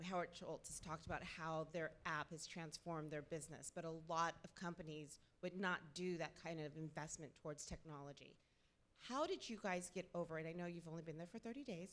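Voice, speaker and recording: A woman's voice: fairly low pitch, fairly bright tone. A woman in the audience asking a hesitant, rambling question. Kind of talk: question from the floor.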